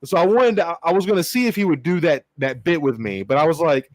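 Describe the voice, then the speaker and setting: A man with a country twang hosting a casual livestream chat, swearing often and rambling with excitement. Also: a little high, fast talker, no room sound. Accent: Southern US country twang. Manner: profane, rambling, enthusiastic. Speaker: show host.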